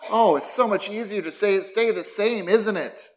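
A middle-aged male pastor delivering a sermon in a slightly higher-than-usual voice. He keeps it conversational, leaning on rhetorical questions and a wry, self-deprecating humor. His tone moves between thoughtful reflection and lively emphasis. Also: normal speed.

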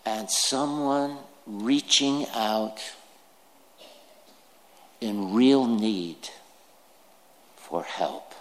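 A man preaching a sermon, slow and deliberate, putting questions to his listeners. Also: on the low side. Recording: long hall reverb.

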